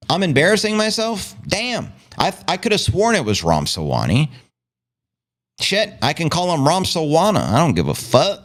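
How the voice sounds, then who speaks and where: A man's voice: on the high side, wildly swooping pitch, moderate pace, a bit bright. A man hosting a casual livestream, talking in a brash, playful way with plenty of swearing and his own made-up slang. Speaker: livestream host. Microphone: streaming setup.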